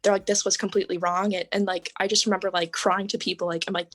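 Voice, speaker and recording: A woman's voice: fairly low pitch, level tone, quick pace, few pauses, a bit bright. Chatty young woman telling her story. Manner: chatty, lots of "like" and "um", laughs often. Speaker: podcast guest, hairstylist. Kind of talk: casual conversational storytelling.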